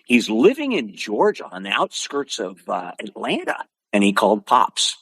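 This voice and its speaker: An older man from Oregon spins his stories with a lively, swooping delivery and a husky edge to his voice. He acts out other people's lines as he goes. The sound is close and dry, with little room around it. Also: on the low side, normal speed, no room sound. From Oregon, USA. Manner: lively storyteller acting out quotes. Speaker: guest, martial arts instructor. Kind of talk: animated storytelling.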